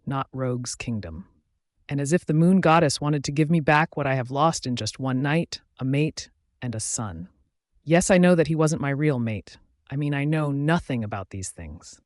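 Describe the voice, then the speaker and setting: A man voicing a gentle, grateful young woman with scars in a werewolf audiobook, speaking softly and quietly. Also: on the high side, no room sound, studio quality, close to an everyday voice. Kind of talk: audiobook narration.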